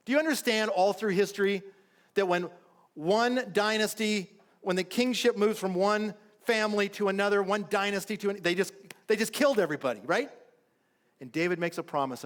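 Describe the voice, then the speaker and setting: A male pastor preaching a sermon, telling a story with animation, acting out the figures, and dropping to a soft, low voice when he urges listeners. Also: fairly quick. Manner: animated storytelling preacher, voicing characters with rising pitch.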